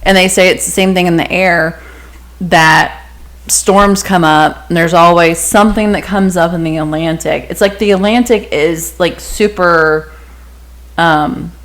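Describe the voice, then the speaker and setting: A woman's voice: lowish voice, fairly even intonation, measured pace. A woman co-hosting a podcast in casual chat, blunt and teasing, swearing now and then. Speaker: podcast co-host.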